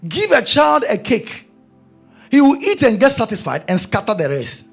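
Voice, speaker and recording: A man's voice: very high voice, sing-song, moderate pace, vocal fry, husky, soft background music. A male preacher delivering a sermon, emphatic and repeating his key phrases.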